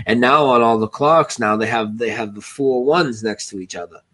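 A man's voice: mid-range voice, moderate pace, sharp tone. A man co-hosting a casual online show, rambling with restarts, swearing freely in disbelief. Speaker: co-host.

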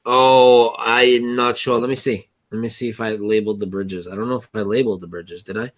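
A man's voice: mid-range voice, steady tone, fairly quick. A man co-hosting a casual online show, rambling with restarts, swearing freely in disbelief. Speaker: co-host.

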